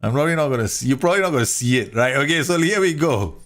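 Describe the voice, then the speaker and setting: A man's voice: mid-range voice, lively intonation, very fast, fairly bright tone. A man giving casual, chatty commentary on football management game tactics, talking straight to his viewers and laughing at his own slips. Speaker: gaming YouTuber reviewing tactics.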